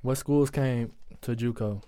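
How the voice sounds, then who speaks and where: Casual male interviewer, middle pitch. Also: fairly even intonation, unhurried, warm tone, smooth. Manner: reactive, short affirmations and hype.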